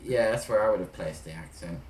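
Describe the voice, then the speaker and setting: Relaxed man host in an echoey room. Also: deep voice, brisk. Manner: relaxed, asks questions with restarts. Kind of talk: casual online show chat.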